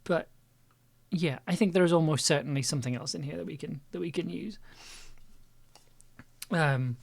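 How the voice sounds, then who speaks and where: A woman's voice: sits low, normal speed, vocal fry, breathy edge. A woman chatting loosely on her own live stream about making an audio piece, rambling and laughing often at herself. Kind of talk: casual live-stream chat.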